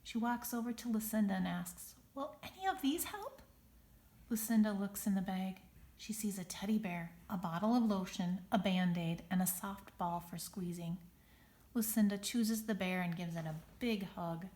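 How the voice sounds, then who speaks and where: A woman's voice: medium pitch, fairly even intonation, moderate pace, dark tone. Woman reading a children's story. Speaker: storybook reader. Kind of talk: children's story read-aloud.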